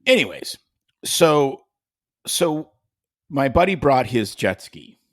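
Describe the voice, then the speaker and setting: A man co-hosting a casual podcast, animated and profane, breaking into mock accents now and then. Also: medium pitch, slow pace, no room sound, studio quality. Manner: animated, swears freely, does mock accents. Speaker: podcast co-host, physician. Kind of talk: casual chat.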